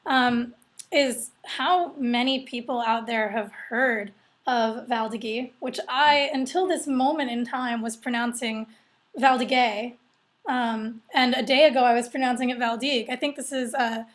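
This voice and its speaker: A woman hosting a live online wine tasting, guiding the talk and speaking directly to the viewers at home. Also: high voice. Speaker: tasting host.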